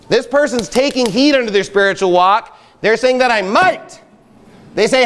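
A man preaching a sermon as pastor, with a high voice for a man. He presses his points hard and rises to loud calls at his listeners. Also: expressive, normal speed. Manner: emphatic, rising to loud exhortation. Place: outdoor campsite gathering.

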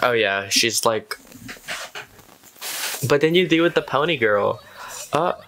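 A man's voice: mid-range voice, lively intonation, slow, a bit bright, slight background noise, low-quality recording. A man hosting a reaction video, chatting casually and exclaiming at what he watches.

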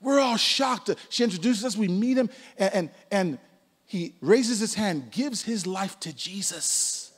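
A man in his sixties preaches in a church sanctuary. His fairly high voice moves constantly, rising into loud calls and dropping to near whispers. The sound rings with long reverb from the hall. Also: a little slow, slightly rough. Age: 60s. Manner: lively preaching, swinging from loud calls to hushed asides. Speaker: pastor. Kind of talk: sermon.

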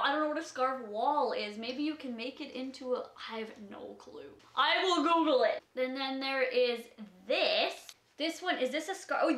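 A young woman from Canada, a YouTuber talking through an unboxing vlog in a gushing, excitable way. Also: high voice. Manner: gushing, excitable, frequent gasps. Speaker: YouTuber opening a gift. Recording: echoey room.

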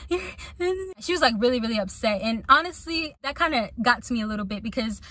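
Young woman, bright tense voice, slightly high, casual storytime, animated delivery. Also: fast, no room sound. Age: young adult. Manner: animated, acts out quotes, laughs often. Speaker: YouTuber telling a storytime.

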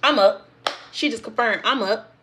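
A young woman telling her own story to viewers in casual vlog style, with speech and an animated way of acting out what others said. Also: a little high, normal speed, a little hiss or hum. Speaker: storytime vlogger.

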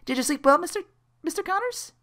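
A man voicing a polite, sweet older female innkeeper in a high voice. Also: big pitch swings, fast, bright, forceful tone, full character voice.

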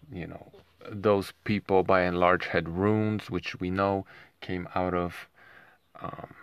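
A man's voice: low-pitched, a bit bright, no echo. A man talking in a rambling monologue at home, often tagging his points with a questioning aside. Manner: rambling, keeps asking "right?". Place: home with dogs nearby.

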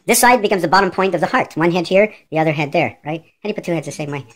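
A woman vlogger rambling excitedly through a numerology monologue, peppered with "like" and "okay?" and swinging her pitch up and down. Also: very fast. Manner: wide jumps in pitch within a sentence.

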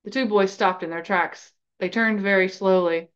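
A woman's voice: medium pitch, clear, resonant tone. Woman reading a story aloud, lo-fi. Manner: measured, expressive reading. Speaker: podcast host reading aloud. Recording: slightly dull lo-fi recording.

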